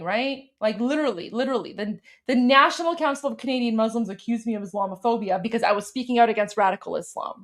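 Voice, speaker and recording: Iran-born woman host, high voice, fired up and repeating herself. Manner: impassioned, repetitive, insulting. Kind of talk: live-stream political rant.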